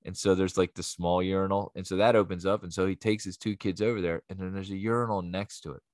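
A man tells a rambling comic story, swearing freely and jumping into quoted voices. His voice sits low, and the recording is dry and close. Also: fairly even intonation, fast, darkish tone, no room sound. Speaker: comedian host.

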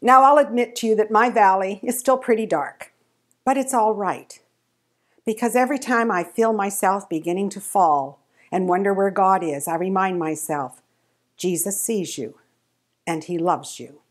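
Older woman, warm earnest devotional speaker, gentle measured delivery, mid pitch. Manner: gentle, earnest, slows for emphasis. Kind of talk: personal devotional testimony.

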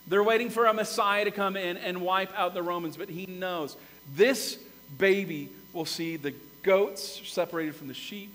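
A man preaching a sermon as pastor, telling the story with lively, animated emphasis that swells to loud peaks. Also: sits high, moderate pace, big-room sound, low-quality recording. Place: church sanctuary.

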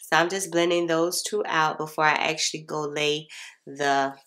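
Low-voiced congested woman chatting makeup. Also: moderate pace. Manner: chatty, relaxed, addresses viewers as y'all. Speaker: beauty vlogger. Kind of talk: casual makeup tutorial voiceover.

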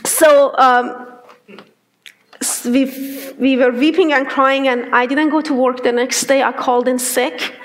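A woman's voice: high-pitched, unhurried. A woman telling her faith story with strong feeling, acting out the dialogue as she goes. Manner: animated storytelling that acts out quoted dialogue. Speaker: testimony speaker. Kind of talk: emotional personal testimony.

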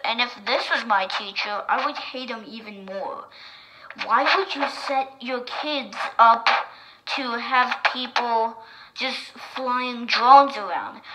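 A woman giving chatty, excitable reaction commentary to her viewers, with sudden loud bursts. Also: fairly high pitch, rough recording. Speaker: video creator.

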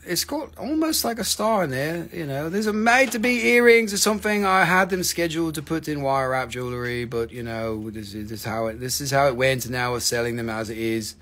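A middle-aged man with a Southern American accent, hosting a live rock sale in an excitable, rambling, foul-mouthed way. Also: medium pitch, a little fast, hardly any pauses. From Southern United States. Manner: excitable, rambling, swears a lot. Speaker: host selling rocks. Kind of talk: live sales stream chat.

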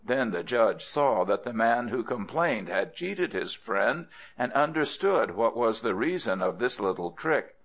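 A man narrating folk tales for an audiobook, expressive and adding playful asides to the listener. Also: medium pitch, measured pace, hardly any pauses. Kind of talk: storybook narration. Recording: dull lo-fi audio.

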